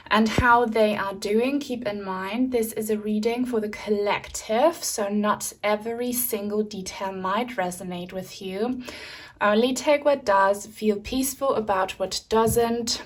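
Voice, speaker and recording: Gentle woman tarot reader, slow and soothing, mid-range pitch, slightly breathless. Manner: gentle, soothing, open-hearted delivery. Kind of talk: pick-a-card tarot reading.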